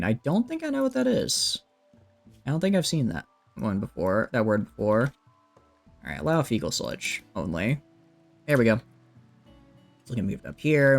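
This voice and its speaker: Male streamer, lively chatty commentary with a swinging voice, faint game music behind. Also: lowish voice. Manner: chatty, thinks aloud, greets chat. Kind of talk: casual gameplay commentary.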